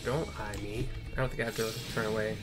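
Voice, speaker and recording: A man's voice: lowish voice, fairly even intonation, fast talker, loud music behind the voice. A man giving casual, irreverent commentary while narrating his playthrough of a game, with swearing asides.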